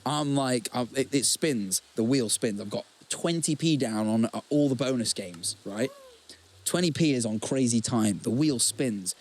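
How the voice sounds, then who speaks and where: A young man co-hosts a podcast, telling stories in casual conversation with lots of swearing and repeated words. His medium-pitched voice is animated but unhurried.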